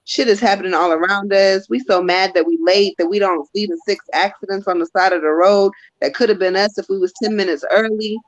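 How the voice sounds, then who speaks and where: A woman psychic medium giving a live-stream spirit reading, gentle and casual. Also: mid-range voice, fairly even intonation, brisk, few pauses, dry recording. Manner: emotional, gentle, casual colloquial. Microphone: phone. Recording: dull muffled phone audio.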